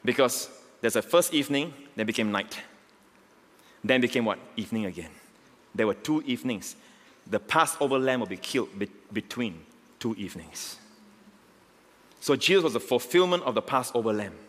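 A male pastor preaching a sermon, emphatic and swelling to near shouts, often checking in with the congregation. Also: mid-range voice. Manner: emphatic, rising to near shouts on key lines; repeats call-outs to the congregation. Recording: long hall reverb.

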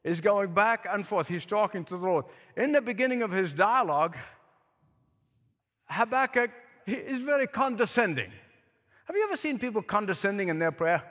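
A man's voice: high-pitched, animated, normal speed, fairly bright tone. A man preaching a sermon, emphatic, repeating points for stress and asking his listeners questions. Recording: echoey hall with long reverb.

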